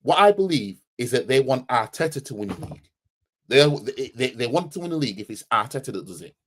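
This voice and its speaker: A man's voice: mid-range voice, sing-song, a little fast, a bit bright, slight background noise. A man hosting a football fan channel, giving a heated, blunt match reaction full of slang and repeating himself for emphasis.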